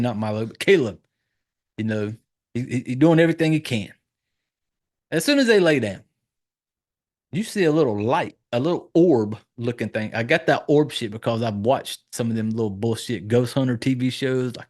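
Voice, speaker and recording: A man with a Southern US accent, hosting a podcast and recapping a horror film in casual chat, swearing a lot and acting out the characters' lines as he goes. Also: medium pitch. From Southern United States. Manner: profane, animated storytelling with acted-out quotes.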